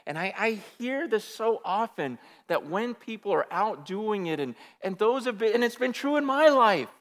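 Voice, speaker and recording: A man preaching a sermon in an animated way, often restarting his words and swinging from hushed to loud. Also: sits high, moderate pace. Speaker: pastor. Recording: long hall reverb.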